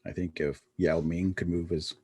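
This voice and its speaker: Deep husky man, laid-back guest. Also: little pitch movement, moderate pace, warm tone, dry recording, studio quality. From Navajo Nation, United States. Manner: laid-back, few words, swears casually. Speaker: podcast guest. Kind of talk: casual film chat.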